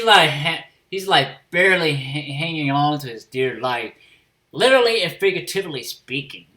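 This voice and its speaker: Bright-voiced man in a casual profane review. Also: fairly high pitch. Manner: casual and profane, many fillers and restarts. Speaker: anime episode reviewer.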